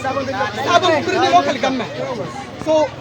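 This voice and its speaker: A man's voice: very high voice, measured pace. A man with a Nigerian accent making an urgent, pleading appeal outdoors. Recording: loud crowd outdoors.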